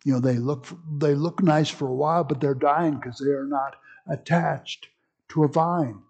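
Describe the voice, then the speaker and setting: Pastor, male, gravelly and husky, slow conversational sermon delivery with teaching asides. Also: a little high, fairly even intonation, darkish tone.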